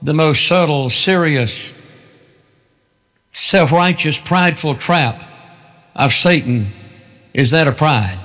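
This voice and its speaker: A man's voice: a little high, a bit bright, long reverb tail. A man preaching a sermon with emphatic, repeated phrases.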